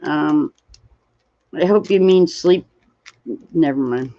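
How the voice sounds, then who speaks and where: A woman's voice: sits low, warm tone. A tired woman hosting a casual livestream while crafting, rambling and greeting viewers from chat. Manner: slow, rambling, reads chat aloud. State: tired, yawning. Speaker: livestream host. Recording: dull lo-fi stream audio.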